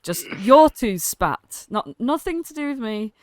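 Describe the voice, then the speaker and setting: A woman's voice: a little high, big pitch swings, a little slow, no room sound, voice pushed up. A woman voicing a flustered young woman in a tabletop game who protests that it has nothing to do with her.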